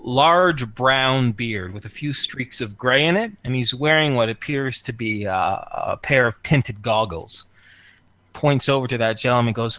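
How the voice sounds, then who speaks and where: A man's voice: mid-range voice, pushed and bright, no room sound. A man narrating scenes as game master of a tabletop game, descriptive and full of fillers. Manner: descriptive, filler-heavy, unhurried.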